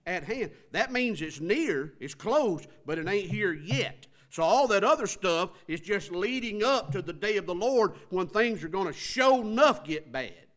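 A pastor delivers his sermon in a somewhat high voice. He leans on rhetorical questions and drives his points home with rising emphasis. The voice carries through a church. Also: expressive, unhurried, hardly any pauses, fairly bright tone. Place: church sanctuary.

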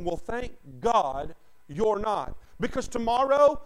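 A man preaching with fervor, his voice unusually high for a man. He calls out questions for the congregation to answer and swings from loud, pressing lines to quiet ones. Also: big pitch swings, unhurried, low-quality recording. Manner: fervent preaching with call-and-response, swinging between loud and quiet. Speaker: pastor. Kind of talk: sermon.

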